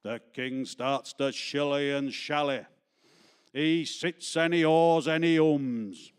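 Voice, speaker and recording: A broad Northern English storyteller, put on by a man in a mock Yorkshire-Lancashire accent rattles off a comic tale in rhyming verse. His delivery is bouncy and jaunty, pitched a little higher and pushed louder than plain talk. It plays as an old-fashioned music-hall style monologue. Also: clean tone, lightly acted.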